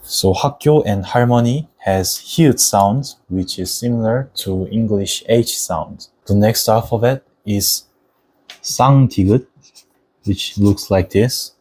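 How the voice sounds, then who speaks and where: A man's voice: lowish voice, darkish tone, low-quality recording. A young man whose first language is Korean, patiently explaining the Korean alphabet in a lesson. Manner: patient, deliberate, models Korean words slowly.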